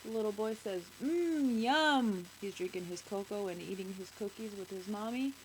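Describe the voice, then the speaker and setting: A woman's voice: medium pitch, fairly even intonation, brisk, dark tone, a little hiss or hum, rough recording. A woman hosting a children's show, reading a picture book aloud and chatting with kids, asking them questions.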